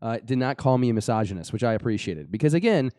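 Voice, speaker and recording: Rambling, joking podcast host. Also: male voice, mid-range voice, animated, fast talker, mellow, dry recording, clean studio sound. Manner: rambling, joking, many fillers and restarts. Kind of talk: casual live-show chat.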